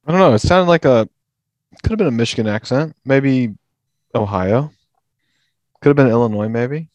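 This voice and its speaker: A man co-hosting a casual basketball podcast, giving news in a measured, analytical way. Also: medium pitch, a little mellow, no room sound, lo-fi sound. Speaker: podcast co-host, news segment.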